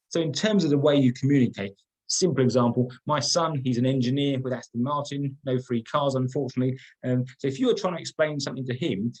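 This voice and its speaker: A man's voice: mid-range voice, a little mellow, husky, low-quality recording. A middle-aged man leading an online training workshop, talking conversationally, repeating words and stressing key points. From England.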